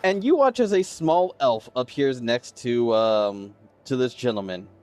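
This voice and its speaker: A man narrating as game master of a tabletop game, describing scenes in an animated way and addressing players by their characters' names. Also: mid-range voice, unhurried, faint music behind.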